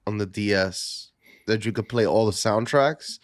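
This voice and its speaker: A man's voice: fairly low pitch, unhurried, dry recording, clean studio sound. Laid-back man telling stories on a podcast. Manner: laid-back storytelling, swears freely. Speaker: podcast co-host. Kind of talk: casual chat.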